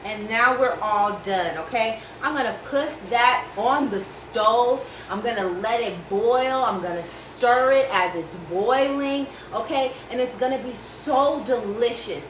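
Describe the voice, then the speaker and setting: A woman's voice: a little high, unhurried, few pauses, a bit bright, distant mic, a little hiss or hum. Chatty woman cooking in an echoey kitchen. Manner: chatty, reassuring, calls viewers baby and girl. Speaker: cooking vlog host. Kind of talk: casual cooking demonstration. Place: home kitchen.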